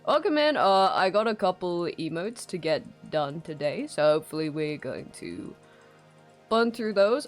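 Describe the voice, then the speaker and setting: A woman with a lowish voice chats casually on a live stream, greeting viewers one by one and laughing easily. She talks into a desk mic at home, with faint music under her voice. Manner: chatty, greets viewers by name, laughs often.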